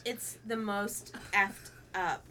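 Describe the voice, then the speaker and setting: A woman's voice: medium pitch, fairly even intonation, slow pace, sharp tone, slight background noise. A woman in casual podcast chat, enthusiastic and swearing casually. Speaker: podcast guest.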